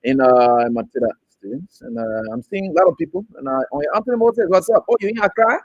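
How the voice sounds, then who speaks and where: A man's voice: high voice, expressive, a little fast, creaky, no room sound, muffled recording. A man from Liberia hosting an online talk show, greeting viewers by name and mocking his critics. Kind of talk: casual political commentary.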